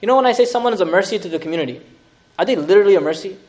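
Male religious teacher, lively storyteller, quick and high-pitched. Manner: lively, laughing asides, dramatic retelling. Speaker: Islamic teacher. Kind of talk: animated lecture on scripture.

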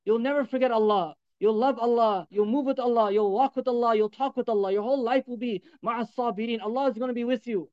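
A man with a very high voice delivers a sermon at a rapid clip, pressing each point home by repeating it. His words come through dry and close, with little room sound. The recording is a little dull and muffled. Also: smooth, no room sound. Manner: emphatic, repetitive exhortation. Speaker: preacher.

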